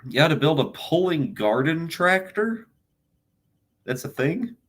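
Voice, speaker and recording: A man hosting a casual livestream Q&A who reads viewer questions aloud and answers them with dry, deadpan humor. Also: on the high side, a little slow.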